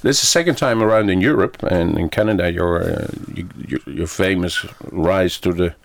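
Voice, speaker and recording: A man with a Dutch accent hosts a radio interview. His voice sits low and has a gravelly, creaky edge. He speaks English in a friendly, hesitant way and chuckles often. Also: normal speed, slight background noise. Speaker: radio host. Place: radio studio.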